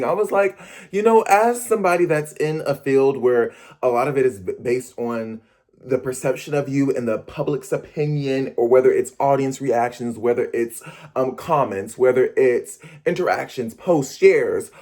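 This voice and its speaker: A man talking casually to his viewers, with a voice that leaps high and drops low as he goes. He interrupts himself, laughs at his own tangents and keeps circling back to his point in a loose, playful chat. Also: animated, moderate pace, a little mellow. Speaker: vlogger and performer.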